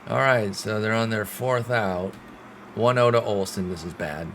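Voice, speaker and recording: A young man commentating his own baseball sim game like a play-by-play announcer, swinging between sulky frustration and loud excited outbursts, with some swearing. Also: lowish voice, measured pace, a little hiss or hum. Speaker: gaming streamer.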